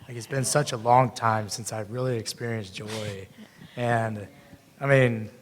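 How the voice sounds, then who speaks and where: A man leading a church gathering, relaxed and encouraging, chiming in with short affirmations. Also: fairly low pitch, measured pace, a little hiss or hum. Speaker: church leader hosting the testimony.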